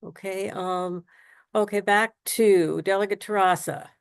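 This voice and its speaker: A woman's voice: mid-range voice, steady tone, unhurried, clear, resonant tone, dry recording, studio quality. A woman chairing a legislative committee work session who speaks plainly and with some hesitation.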